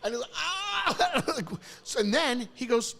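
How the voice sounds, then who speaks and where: His mouth sore from dental work, a man hosting a podcast animatedly recounts a story in a laid-back chat, doing lots of voices and laughing frequently. He speaks in a very high voice at a fairly quick clip.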